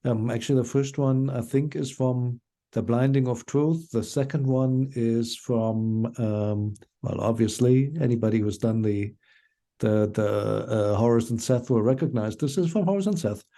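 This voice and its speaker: A man leads an online language class, talking through grammar with frequent fillers. His voice is very dark and mellow, at an ordinary pitch. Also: normal speed. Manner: relaxed explaining with many fillers. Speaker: language teacher.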